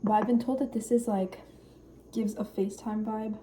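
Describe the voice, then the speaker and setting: Soft-spoken, mellow young woman rambling. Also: medium pitch, steady tone, normal speed, a little hiss or hum. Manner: quiet, shy, rambling with many fillers. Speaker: vlogger. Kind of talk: casual cooking vlog chat. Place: home kitchen.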